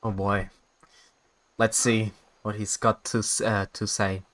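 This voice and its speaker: German guy streaming a game, chatty, bright voice, laughs and fixes his words a lot. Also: fairly low pitch, flat delivery, a little slow. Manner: chatty, self-correcting, laughs often. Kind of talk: casual game stream chat, reading dialogue aloud.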